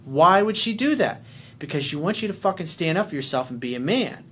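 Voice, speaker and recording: Male dating coach, blunt and profane, reads out a letter and answers it, acts out bits of dialogue; needs a faint rumble behind the voice. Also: sing-song, a little fast, a bit bright.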